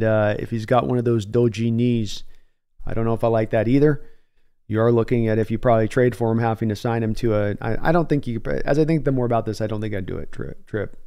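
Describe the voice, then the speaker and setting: Mellow-voiced man hosting a live stream. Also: on the low side, clear, resonant tone. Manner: thinks aloud, reading and answering viewer comments. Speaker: podcast host. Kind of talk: casual live-stream chat.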